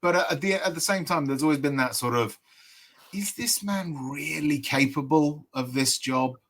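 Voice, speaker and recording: A man's voice: on the high side, normal speed, fairly bright tone. A man chatting as a podcast guest, thoughtful and hesitant, with many restarts. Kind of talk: casual chat.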